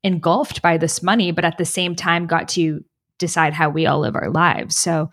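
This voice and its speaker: A woman's voice: fairly low pitch, fairly even intonation, normal speed, fairly bright tone. A woman guest on a podcast, telling a personal story in a chatty way with plenty of "like" and "you know". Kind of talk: casual conversation and personal storytelling.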